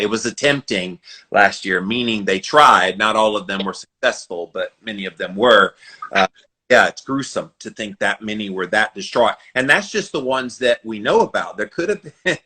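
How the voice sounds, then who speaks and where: A man hosting a podcast interview, chatty and quick to laugh, asking long rambling questions. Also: fairly low pitch, pushed and bright, rough recording. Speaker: podcast host.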